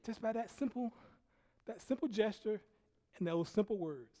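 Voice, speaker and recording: A man preaching a sermon, telling a personal story in an animated way, laughing often and dropping from loud bursts to hushed quiet. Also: sits high, normal speed. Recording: long hall reverb.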